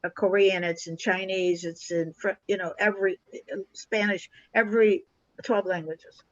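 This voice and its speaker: An older woman tells a story with animated energy, slipping into the voices of the people she describes. The sound is dull and lo-fi, with a dry, close feel and no room around it. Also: mid-range voice, normal speed, no echo. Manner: animated storyteller who acts out quoted dialogue. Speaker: guest. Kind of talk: storytelling in a conversational interview.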